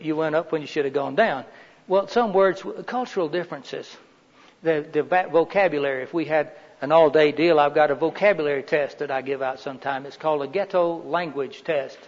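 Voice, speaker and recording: Folksy middle-aged man lecturing in a hall. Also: on the high side. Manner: folksy, chatty, asks the audience questions. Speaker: workshop lecturer. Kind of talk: live talk to an audience. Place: meeting room with windows and a heater. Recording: dull reverberant room recording.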